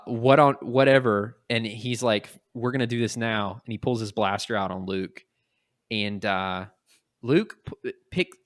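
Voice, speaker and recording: A man's voice: mid-range voice, no echo, studio quality. A man hosting a podcast, casually retelling a comic story and acting out the characters' lines. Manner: animated, acts out quotes in quick little voices. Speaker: podcast host.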